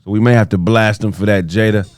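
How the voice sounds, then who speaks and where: A man's voice: on the low side, steady tone, fast, dry recording, clean studio sound. A man hosting a call-in podcast, joking in loose banter. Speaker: podcast host. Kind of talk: casual chat.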